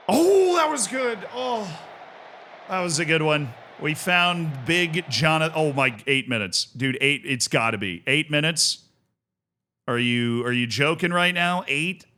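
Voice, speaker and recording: A man streaming a football management game, swinging between low muttering and shouted play-by-play commentary. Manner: bursts into shouted play-by-play, then mutters to himself.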